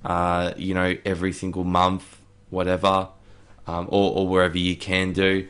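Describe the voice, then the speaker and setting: A man's voice: low-pitched, completely flat delivery, normal speed, a bit bright, clear, resonant tone. A man talking as a podcast guest in casual chat, hesitant and full of fillers.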